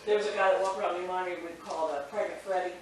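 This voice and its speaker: A woman's voice: on the low side, steady tone, racing. A woman who works as a teacher, casually telling funny stories, acting out quotes and laughing often. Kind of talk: casual storytelling. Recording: echoey room from far off with faint noise.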